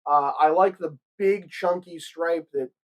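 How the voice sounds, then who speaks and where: Guy in his 30s riffing on a casual chat show, kinda high voice, talks in quick bursts. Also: rough recording. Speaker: co-host.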